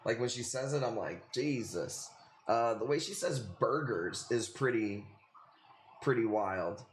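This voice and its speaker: In an echoey, faintly noisy room, a man with a Chicago accent, from Illinois, runs a relaxed coral-selling livestream. He speaks at medium pitch and a little slowly, rambling chattily with lots of fillers and frequent laughter.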